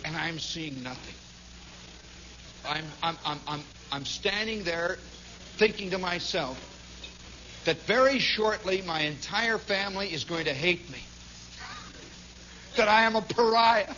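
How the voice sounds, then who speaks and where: A man telling a long personal story as a radio monologue, animated, swinging from hushed to shouting. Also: high voice, a little slow, long pauses, dull audio, a little hiss or hum.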